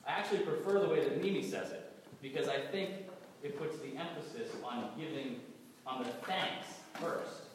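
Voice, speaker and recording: A man from New England with a New England accent and a cold, preaching a sermon in a conversational, gently humorous way and sometimes repeating his words. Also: on the high side, moderate pace. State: has a cold. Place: large church hall. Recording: echoey hall from far off, audible noise.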